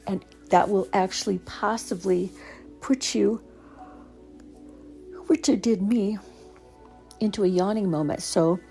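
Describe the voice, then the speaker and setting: A woman gently guiding anxiety-relief exercises, talking slowly with soft pauses and fillers. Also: mid-range voice. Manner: drops to a whisper at times. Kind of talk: calming self-help guidance.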